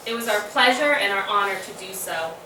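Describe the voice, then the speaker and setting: A woman delivering a memorial eulogy for her brother, telling fond, wry stories with soft laughs. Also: mid-range voice, animated, brisk. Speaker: eulogist, sister of the deceased. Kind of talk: memorial eulogy read from notes. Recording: echoey room from a distant mic with ambient noise.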